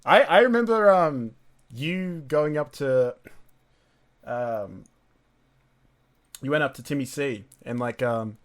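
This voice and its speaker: A man's voice: mid-range voice, animated, slow, long pauses. A young man co-hosting a podcast, telling rambling stories in casual chat and laughing often. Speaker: podcast co-host.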